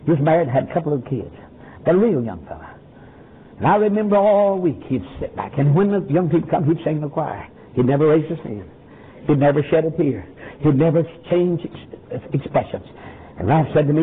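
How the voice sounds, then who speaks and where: A male preacher, telling a story in a sermon with fervent, dramatic delivery that rises to shouts. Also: fairly high pitch, expressive, fairly quick, a little hiss or hum. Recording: tinny lo-fi phone-like recording.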